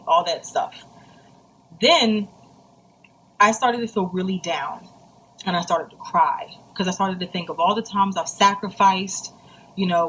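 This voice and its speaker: A woman's voice: mid-range voice, a bit bright, a little hiss or hum, low-quality recording. A young woman speaking casually and earnestly to other mothers, telling a personal story with heartfelt, faith-filled encouragement. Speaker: mom sharing a personal story.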